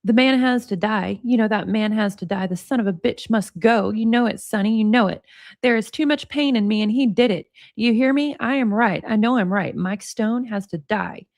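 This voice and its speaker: Brooding disturbed man, read by a woman: flat, tired monotone. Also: mid-range voice, moderate pace, dry recording, studio quality, natural voice. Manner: thick, quiet, tired monotone. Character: disturbed, sweating man demanding a killing. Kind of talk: dramatic reading on a livestream.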